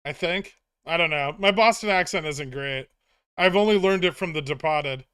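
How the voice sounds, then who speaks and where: A man's voice: fairly high pitch, moderate pace, a bit bright, clear, resonant tone, no echo, studio quality. A man hosting a live stream, reading viewer comments aloud and answering them with crude, joking banter. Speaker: streamer host reading chat. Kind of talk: casual live-stream chat.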